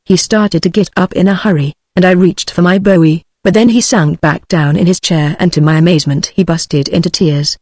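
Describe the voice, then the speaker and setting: A text-to-speech woman's voice with a British English accent, narrating an audiobook in an even, machine-read way. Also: fairly low pitch, moderate pace, hardly any pauses, no room sound, studio quality.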